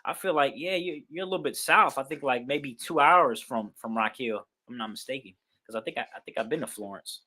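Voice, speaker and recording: A man's voice: medium pitch, fairly quick, hardly any pauses, sharp tone. A young man from Queens, New York, chatting casually on a livestream about a dog raffle, rambling with lots of fillers.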